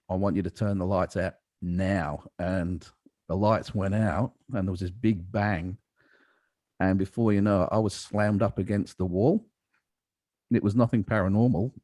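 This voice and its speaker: A casual podcast host with a deep, low-pitched voice. He rambles through anecdotes, pausing on fillers as he goes. The sound is dry and close, with no room around it. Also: mellow, no room sound. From Western Australia. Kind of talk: casual storytelling chat.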